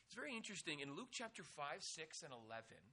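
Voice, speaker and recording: Lively, husky-voiced man preaching. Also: on the high side, fast. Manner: animated, acts out quotes, jokes with the audience. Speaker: youth pastor. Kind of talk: energetic youth sermon.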